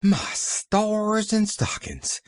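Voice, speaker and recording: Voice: medium pitch, very animated, a little slow, dry recording, clean studio sound, pitched above the performer's own voice. A reader voicing a flustered country servant woman. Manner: folksy rural dialect, exclaiming.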